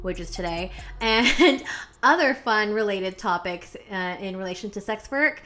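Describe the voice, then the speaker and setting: A woman's voice: medium pitch, lively intonation, a little slow, sharp tone. A woman from Canada hosting a podcast, chatting casually and laughing often. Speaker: podcast host.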